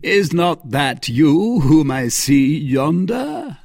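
A man's voice: medium pitch, very animated, a little slow, no room sound, clean studio sound, pitched above the performer's own voice. A man voicing a stern cardinal's equerry. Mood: commanding. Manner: formal, commanding.

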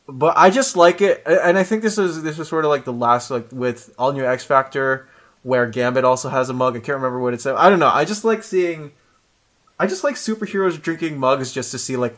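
A man's voice: mid-range voice, fairly bright tone. Male co-host, easygoing comic-fan chatter, rambling delivery. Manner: rambling, restarts often, fan enthusiasm. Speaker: comic book podcast co-host. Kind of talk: casual chat.

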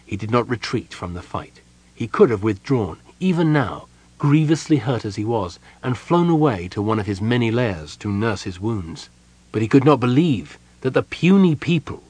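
A man reading a fantasy novel aloud as an audiobook narrator, in a measured, dramatic storytelling manner. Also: medium pitch, no room sound. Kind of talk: scripted narration.

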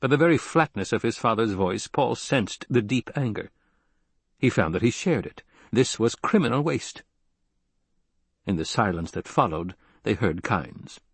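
A man narrating an audiobook in steady, even storytelling. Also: fairly low pitch, a little slow, breathy edge, no room sound. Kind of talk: scripted narration.

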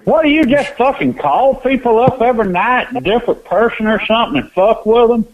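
A man's voice: very high-pitched, lively intonation, brisk. Angry man on a tinny phone line. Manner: angry, swearing, irritated. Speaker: prank call victim.

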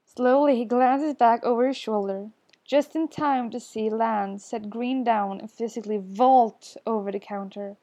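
A woman narrates fiction aloud for a podfic, slow and unhurried. Her voice is mellow and soft, with an intimate storytelling feel. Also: on the high side, steady tone. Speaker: podfic reader. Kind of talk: scripted narration.

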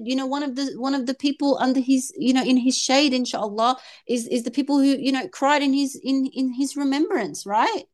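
Woman in her 30s, earnest podcast guest, higher voice, talks with her whole heart. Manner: earnest, animated, switches into quoted voices. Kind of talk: emotional faith and fertility talk.

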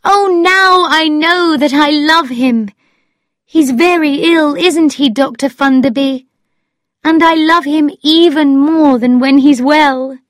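A woman voicing a naive young woman in love, speaking high and pleading in a read-aloud story. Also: slow, dry recording, clean studio sound. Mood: tender.

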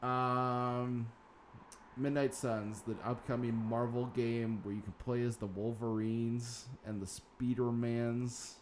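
Dude rambling game news, sarcastic, swears a bit, slight background hiss. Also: male voice, medium pitch, flat delivery, takes it slowly. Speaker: podcast host. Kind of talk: casual gaming news chat.

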